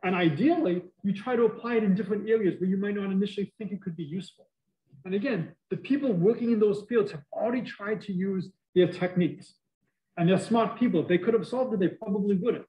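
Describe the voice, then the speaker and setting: A middle-aged man with a Boston accent giving a university math lecture, animated and joking with students, his voice muffled by a face mask. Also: high voice, fast. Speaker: math professor.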